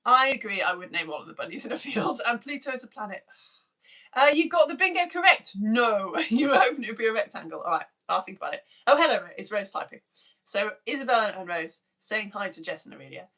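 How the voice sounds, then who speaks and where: Her mid-range voice swings widely in pitch, and she talks fast with a pushed, bright sound. She is a teacher from the United Kingdom in her thirties, reading out viewer messages on a live stream and cheerfully, self-mockingly greeting children by name.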